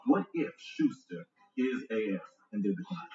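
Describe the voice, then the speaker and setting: A skeptical police officer who speaks bluntly in a lowish voice. The sound is roomy and dull, coming from a distance. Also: male voice, big pitch swings, normal speed, dark tone. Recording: roomy, dull TV audio from far off.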